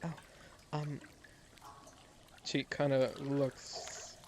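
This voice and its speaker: A man running a tabletop game as game master, talking casually and pausing to recall details. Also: mid-range voice, level tone, darkish tone, slight background noise.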